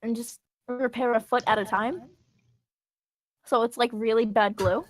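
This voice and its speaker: A woman playing in a tabletop game, talking in a lively way and laughing often. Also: a little high, a little slow. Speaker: player. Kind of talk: casual tabletop game chat.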